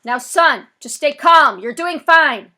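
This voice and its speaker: A woman voicing a stern male police officer who booms orders through a loudspeaker in an audiobook. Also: animated, takes it slowly, heavily acted. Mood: commanding. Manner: loud, commanding.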